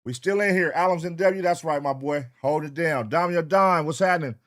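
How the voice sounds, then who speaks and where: A man's voice: on the high side, a little fast, fairly bright tone. A young man hosting a late-night livestream, loose and profane, calling out chat names in a sing-song way. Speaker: livestream reaction host. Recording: faint hip hop music behind. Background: faint hip hop music.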